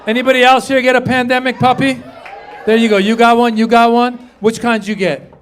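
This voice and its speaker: A middle-aged man doing a stand-up comedy set, telling stories with animated delivery and squeaky put-on voices. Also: a little fast, some chatter behind. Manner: animated storytelling, acts out high squeaky voices. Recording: live stage mic, audience laughter. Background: audience laughter and room ambience.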